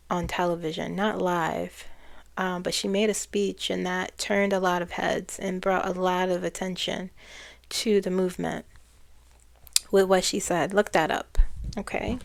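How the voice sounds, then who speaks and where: Slow-talking woman psychic rambling. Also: fairly low pitch, gravelly. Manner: rambling, trailing off and restarting phrases. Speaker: psychic channeler. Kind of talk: casual spiritual monologue.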